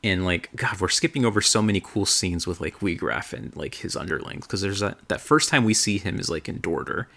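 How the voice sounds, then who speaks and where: Low gravelly man, excited rambling. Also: fairly quick, hardly any pauses. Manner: excited, rambling, swears freely. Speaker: podcast co-host. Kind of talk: casual chat recapping a game.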